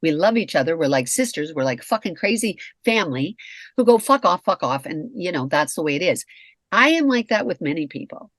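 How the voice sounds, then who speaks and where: A woman's voice: low voice, expressive, a little fast, no room sound. A middle-aged woman co-hosting a candid conversation, frank, emphatic and freely profane. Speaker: co-host.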